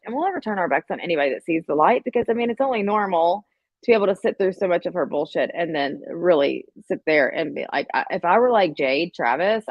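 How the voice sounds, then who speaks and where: A woman with a lowish voice hosts a casual livestream, rambling, swearing and talking straight to her viewers. The recording is dry, with the highs cut off.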